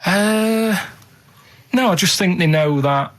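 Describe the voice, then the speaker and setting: A man in his thirties chatting on a radio show, telling stories in a blunt, deadpan way from a studio. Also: sits high, slow pace. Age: 30s. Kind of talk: casual radio chat.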